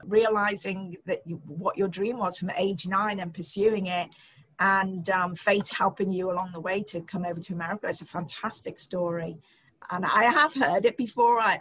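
A woman hosting an interview, responding to her guest with warm enthusiasm and encouragement. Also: mid-range voice, slightly rough, poor audio. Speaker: interview host.

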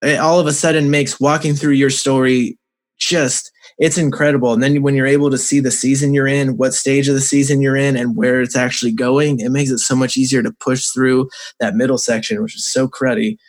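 A man's voice: medium pitch, flat delivery, brisk. Guy guest on a podcast, a dad, explaining his coaching course, earnest, lots of like. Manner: earnest, explanatory, many fillers. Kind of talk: casual interview talk.

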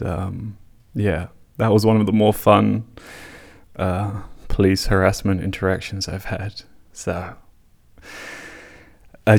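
A low-pitched English man with a gravelly, fry-edged voice tells a story on a podcast. He is chatty and casual, swearing freely and laughing often as he talks. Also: a little mellow. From England. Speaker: podcast co-host.

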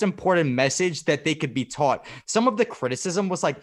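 A man's voice: fairly high pitch, brisk, few pauses. Opinionated young man on a podcast. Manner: opinionated, animated when arguing, swears. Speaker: podcast co-host. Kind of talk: casual debate chat.

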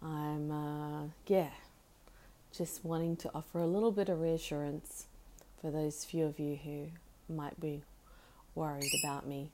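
Lady chatting on her home podcast, kinda rambly and halting, coos at her pet bird, faint hiss in the background. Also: flat delivery. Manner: talks sweetly to her pet bird in a high baby voice; rambling, halting, with restarts and soft laughs. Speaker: podcast host. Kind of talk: casual solo podcast chat.

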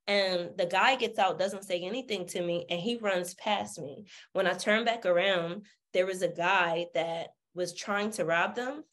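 Speaking at a moderate pace in a mid-range voice, a woman guesting on a podcast shares her story openly. Her delivery is sassy and lively, full of cursing and impressions of the people she quotes.

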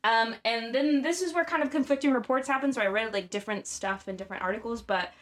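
A woman's voice: on the high side, fast, a bit bright. A young woman hosting a podcast, telling a story in casual chat, filling her talk with "like" and "um" and laughing often. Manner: chatty, lots of "like" and "um", laughs often. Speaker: podcast host.

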